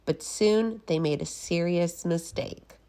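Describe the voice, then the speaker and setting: A woman reading a children's picture book aloud as a guest reader, slow and expressive. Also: fairly low pitch.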